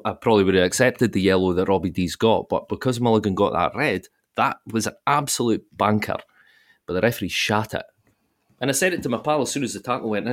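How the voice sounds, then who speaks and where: A Scottish man talks football in casual podcast chat. His voice sits on the low side, and he is blunt, sweary and given to repeating himself. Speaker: podcast co-host.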